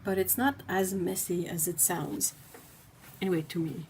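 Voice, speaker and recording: A woman's voice: on the low side, fairly even intonation, normal speed, a little mellow, a little hiss or hum. A native French-speaking woman with a French Canadian accent, chatting casually as a livestream host while painting, rambling with fillers and laughing easily.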